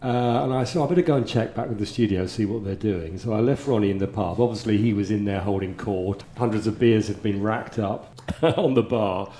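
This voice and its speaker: A man's voice: on the low side, brisk, hardly any pauses, warm tone, echoey room, slight background noise. A man telling a self-mocking story about his first job. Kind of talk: casual chat, anecdotes.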